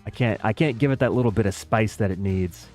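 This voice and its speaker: Casual American male streamer, lowish voice, rambling and self-mocking chat with viewers. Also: a little fast, darkish tone, faint music behind. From United States. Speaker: game streamer. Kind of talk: casual live-stream chat while playing.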